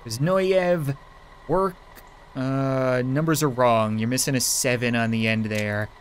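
A gaming YouTuber, a man, doing let's play commentary in a joking, excitable way, talking back to the characters on screen. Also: mid-range voice, takes it slowly, a little hiss or hum.

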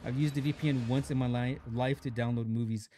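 A man's voice: medium pitch, fairly even intonation, brisk, warm tone, slight background noise. A young man live-streaming a mobile shooter, chatting casually in slang while greeting viewers and reading chat aloud.

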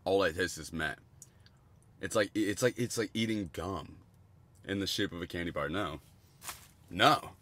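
Crude rambling young man, lowish voice. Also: unhurried, pauses often. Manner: rambling, crude and jokey, with bursts of excitement. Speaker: streamer reviewing candy. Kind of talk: casual livestream food review.

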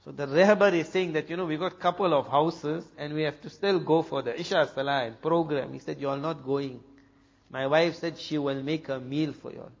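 A man from South Africa, a preacher telling a story in an animated way, dropping to a hush for the dramatic moments. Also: fairly high pitch, a little fast, creaky, few pauses, husky. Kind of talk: storytelling talk. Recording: dull lo-fi recording with long hall reverb.

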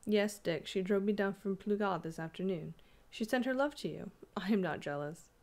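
A woman's voice: medium pitch, normal speed, a little mellow, lightly acted. Woman reader as young wife, lilting, teasing, tender; storybook. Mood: sweet, teasing. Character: affectionate young wife, playful and gentle.

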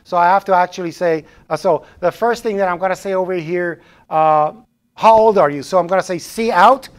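A man's voice: sits high, brisk. Chatty male programming instructor lecturing. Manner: chatty, repeats and restarts phrases, joking asides. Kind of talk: live classroom lecture.

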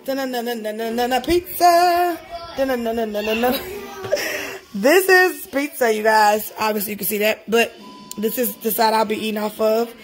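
Her voice on the high side and fairly bright, a fitness vlogger in her thirties chats casually to her viewers in an echoey room. She's tired from her workout and talks to them directly, full of "y'all" and "you guys."

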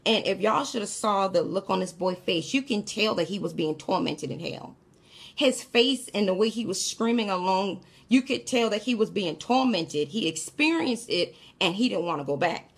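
Husky-voiced woman recounting a dream. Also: medium pitch, lively intonation, moderate pace. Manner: chatty, addresses listeners as y'all. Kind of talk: casual spoken testimony.

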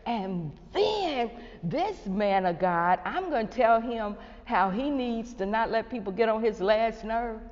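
A woman's voice: a little high, expressive, a little slow, darkish tone. An older woman hosting a faith talk show over a video call. She talks in an effusive way and keeps exclaiming phrases of praise. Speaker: host. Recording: echoey, muffled video call audio.

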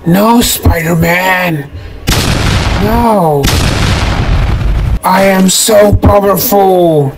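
A man voicing a boastful male alien villain creature in a toy-figure story, making slow threats. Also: high voice, noisy background, full character voice.

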